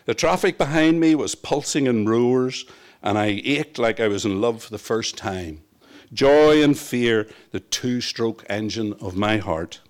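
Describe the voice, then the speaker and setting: A man's voice: mid-range voice, measured pace. A man from Northern Ireland reading his own memoir aloud in a wry, reflective storytelling manner. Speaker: narrator. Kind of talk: first-person memoir reading.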